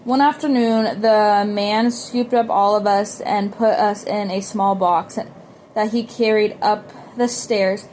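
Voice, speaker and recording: A woman reads a novel aloud at an ordinary mid pitch. Her reading is unpolished, with small slips and restarts along the way. A faint hiss sits under the recording. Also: fairly even intonation, slow, a little mellow. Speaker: audiobook reader.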